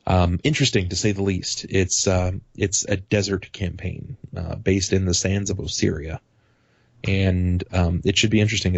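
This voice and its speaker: Podcast guest, male, deep-ish voice, game-master type, rambling casual chat, dry lo-fi sound. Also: no echo. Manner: animated, rambling, swears casually.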